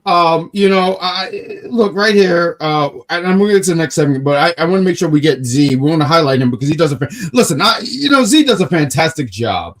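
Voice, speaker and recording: A man co-hosting a wrestling review show, excitable and joking, saying he gets worked up. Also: a little high, brisk, few pauses. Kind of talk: casual show review chat.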